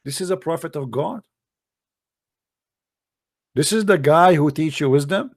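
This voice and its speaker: A man's voice: fairly high pitch, expressive, unhurried. A man giving a mocking, sarcastic polemical monologue in broken English grammar. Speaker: religious debate commentator.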